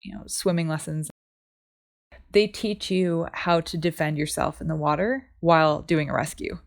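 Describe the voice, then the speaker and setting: A woman co-hosting a faith podcast, calmly explaining her thoughts with examples. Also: deep voice, normal speed. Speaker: podcast co-host. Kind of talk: casual faith podcast chat.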